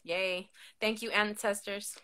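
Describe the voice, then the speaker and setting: A woman with a lisp hosting a casual chat, animated and quick to swear and laugh. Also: mid-range voice, clear, resonant tone. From Southern California. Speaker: podcast host.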